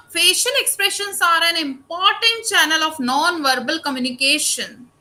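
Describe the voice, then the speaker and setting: A woman teacher with an Indian English accent giving an online lecture, explaining slowly and addressing her students often. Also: very high-pitched, bright, forceful tone, poor audio.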